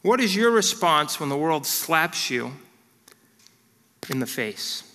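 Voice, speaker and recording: A man preaching a sermon as pastor, earnest and direct, dropping into soft prayer and light family stories. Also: fairly high pitch, big pitch swings, takes it slowly, long reverb tail. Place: church hall.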